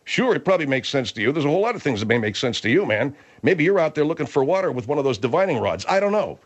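A man hosting a rambling comedy talk, reading news aloud haltingly and exasperated. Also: medium pitch, big pitch swings, muffled recording. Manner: halting, stumbling reader, exasperated.

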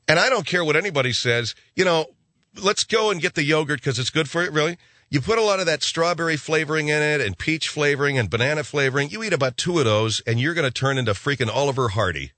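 A male talk radio host rambles through his monologue, gruff and sarcastic. His bright voice rises and falls a lot as he riffs. The sound is dry and close, with no room around it. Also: on the high side, lively intonation, quick pace, no echo.

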